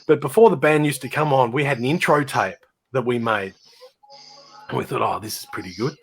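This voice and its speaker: A man, co-hosting a casual chat and telling lively stories that act out the voices of the people in them. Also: mid-range voice, brisk, gravelly, breathy edge. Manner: lively storyteller acting out voices.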